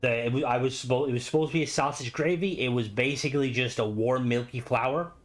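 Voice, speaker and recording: A man's voice: medium pitch, fairly even intonation, fast talker. An Irish man streaming a game, chatting casually and rambling with many fillers. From Ireland. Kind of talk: casual gaming stream chat.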